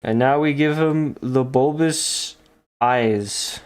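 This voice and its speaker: A man's voice: medium pitch, slow, clear, resonant tone. A man drawing and chatting playfully, laughing often and slipping into silly posh voices. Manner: giggly, jumps into silly fancy voices. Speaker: artist drawing on stream. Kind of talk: playful commentary while drawing.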